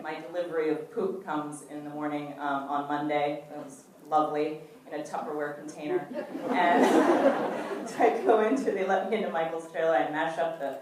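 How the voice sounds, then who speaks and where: A woman's voice: deep voice, darkish tone. A woman, an actress at a fan question session, telling a chatty anecdote and acting out the quoted lines in between fillers. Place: event hall before an audience. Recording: echoey hall from far off, faint noise.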